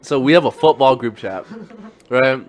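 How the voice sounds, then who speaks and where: Young male co-host, lively storyteller, casual slang, laughs a lot. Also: medium pitch, moderate pace, a little hiss or hum. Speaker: podcast co-host. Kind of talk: casual chat.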